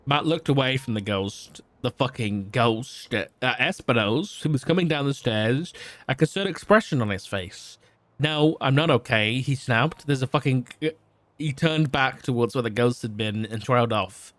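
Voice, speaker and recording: A man at a mid pitch reads a fan story aloud on his stream. The sound is close and dry, with no room around it. He stumbles, backtracks and breaks off for casual side remarks between passages. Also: lively intonation, normal speed, a bit bright, dry recording.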